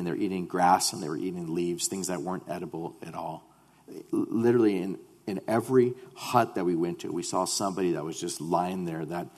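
Deep-voiced man telling a testimony. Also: husky, in a large hall. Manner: halting, repeats words when starting sentences; earnest, animated storytelling. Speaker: speaker sharing a mission testimony. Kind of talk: personal testimony to a congregation.

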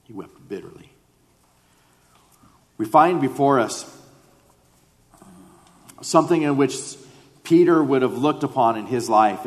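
Male preacher, earnest, lowish voice, long hall reverb. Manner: earnest, re-enacts quotes with rising emphasis. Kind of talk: sermon with Bible reading.

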